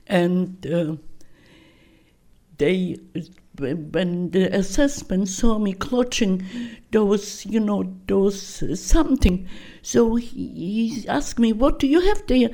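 An older woman from Poland recounts her life as a guest in an oral history interview, speaking slowly in a gravelly, mellow, medium-pitched voice. She answers haltingly, often breaking off and restarting sentences while searching for the right word.

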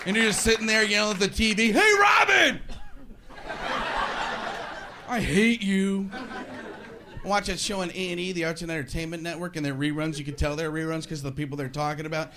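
Sarcastic high-voiced male comedian. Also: steady tone, rapid-fire, hardly any pauses. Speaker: stand-up comedian. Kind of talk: stand-up comedy routine. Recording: live stand-up with noise.

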